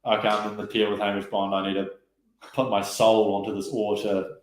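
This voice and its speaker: A man's voice: lowish voice, a little fast. Chatty man with a roomy echo. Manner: relaxed, chatty, many fillers and quoted asides. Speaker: guest rower. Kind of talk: casual interview storytelling.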